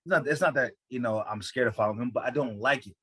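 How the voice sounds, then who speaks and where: A man's voice: medium pitch, slightly rough. An American man, a stand-up comedian, telling a story in casual chat, profane and full of restarts. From United States. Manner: fast, profane, animated storytelling with many restarts.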